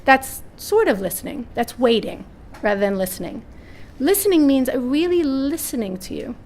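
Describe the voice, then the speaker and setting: A woman's voice: sits high, normal speed, a little hiss or hum. A woman speaking at a live parenting seminar, telling anecdotes with acted-out voices and often checking in with "right?". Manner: animated storyteller, acts out voices, asks "right?" often. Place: seminar room before an audience.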